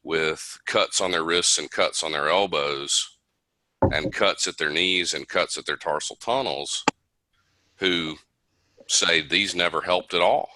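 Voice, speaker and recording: A man's voice: sits low, slow, pushed and bright, dry recording, low-quality recording. A man with a Southern US accent teaching an online session, explaining at length in a conversational way with restarts. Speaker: instructor.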